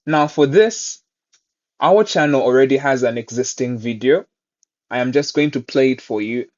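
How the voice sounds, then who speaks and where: A man teaching a Mandarin lesson in a patient, encouraging way, speaking slowly and deliberately. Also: mid-range voice, darkish tone, lo-fi sound. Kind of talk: online language lesson.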